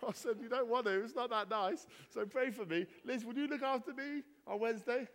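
In an echoey church hall, a male vicar with a very high, fairly bright voice speaks a little fast as he leads the gathering. He jokes and teases, quizzing his congregation with bouncy questions in playful banter.

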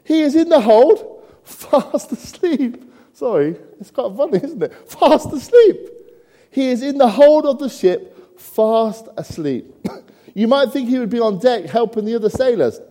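High-voiced preacher in an echoing church. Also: male voice, expressive, moderate pace, warm tone. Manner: humorous asides and rhetorical questions. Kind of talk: sermon. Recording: long church reverb.

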